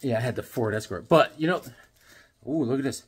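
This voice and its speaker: A man's voice: medium pitch, a little fast, slightly rough. A middle-aged man chatting casually about his comic books, wandering off into jokey stories as he goes. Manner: rambling, jokey storyteller. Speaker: comic book collector vlogger. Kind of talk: casual show-and-tell chat.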